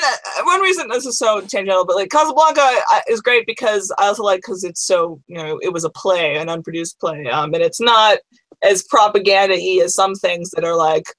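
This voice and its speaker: A podcast co-host in casual chat, this woman is chatty and wry, tossing in asides as she reads aloud. Her medium-pitched, slightly bright voice moves at a moderate pace, with no echo in the rough recording.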